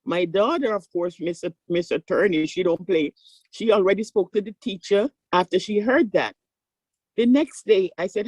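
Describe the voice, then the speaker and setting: An older woman, a surgeon, speaking on a conference panel and telling stories with animated voices for the people in them. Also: medium pitch, normal speed, husky, no echo, poor audio. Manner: animated storytelling, acting out voices in quotes.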